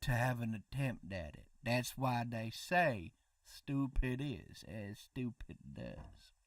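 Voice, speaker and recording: A man's voice: medium pitch, very animated, slow, no echo. A man, co-hosting a livestream with dry, joking banter. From New Zealand. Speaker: co-host, story narrator. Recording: distant mic, dry sound.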